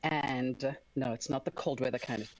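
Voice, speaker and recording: A man's voice: medium pitch, normal speed, over a noisy crowd, rough recording. A man, a guest on a live stream, chatting casually and animatedly while showing how he does his hair. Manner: animated, laughing storyteller. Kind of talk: casual chat.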